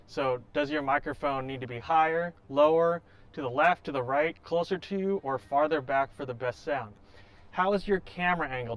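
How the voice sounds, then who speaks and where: A man who plays violin, hosting a tutorial and calmly explaining step by step, now and then singing short examples. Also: a little high. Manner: clear, explanatory, with sung examples. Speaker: violin teacher and channel host. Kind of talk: instructional talk to camera. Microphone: home recording setup.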